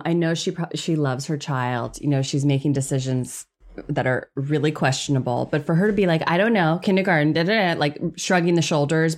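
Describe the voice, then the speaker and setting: A woman hosting a podcast, recapping a reality show in a casual, sarcastic and exasperated way. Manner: sarcastic, exasperated, jumps into high mock outrage. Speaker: podcast host.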